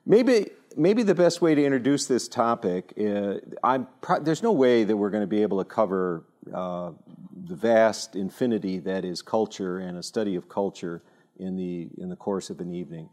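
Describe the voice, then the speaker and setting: A man giving an informal talk at a church evening, telling stories with self-deprecating humor and frequent halting restarts. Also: fairly low pitch, a little mellow. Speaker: speaker at a church teaching evening.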